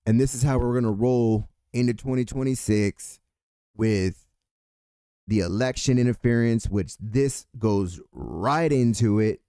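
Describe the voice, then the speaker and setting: Male political commentator from California, heated profane rant, mid pitch, dry. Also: measured pace, warm tone, no echo.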